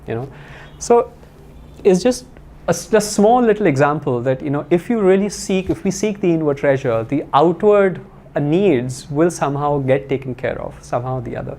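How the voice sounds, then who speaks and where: A man's voice: fairly high pitch, animated, moderate pace, a little mellow. A man giving a spiritual talk, telling stories in a conversational way with many fillers and restarts.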